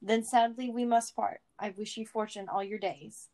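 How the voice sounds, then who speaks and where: A hopeful young soldier, gentle yet firm, speaks with earnest, measured resolve, as a woman reads him aloud. It is a storybook reading in a middle-pitched voice, lightly acted. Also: steady tone, lightly acted.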